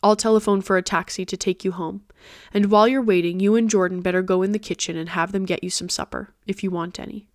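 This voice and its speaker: A woman voicing a gruff, commanding wealthy man in an audiobook reading, brisk and authoritative. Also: mid-range voice, fairly even intonation, no room sound, studio quality, natural voice. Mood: grave.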